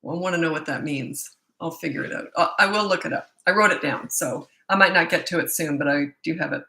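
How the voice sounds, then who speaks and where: A woman's voice: sits low, fast, vocal fry, bright, forceful tone, reverberant. An older woman from Canada, a parenting coach chatting casually on a livestream, self-mocking and laughing often. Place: at home in British Columbia.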